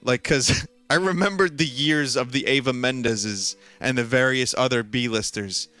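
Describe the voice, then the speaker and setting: A man's voice: medium pitch, unhurried, pushed and bright, clear, resonant tone, faint music behind. A man streaming a video game, casually telling a long story with lots of fillers, restarts and amused asides.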